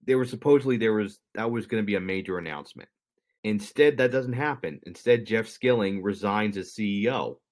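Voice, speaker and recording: Co-hosting a podcast, this man walks his partner through a history story in a relaxed, joking way, tossing in asides. His voice is fairly low and darkish in tone, and he talks a little fast.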